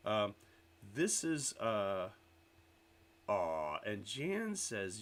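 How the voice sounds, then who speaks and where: Chatty man with a low, lively voice. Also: extremely slow, long pauses. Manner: rambling, self-deprecating, chatty with viewers. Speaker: livestream host. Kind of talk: casual live-stream chat.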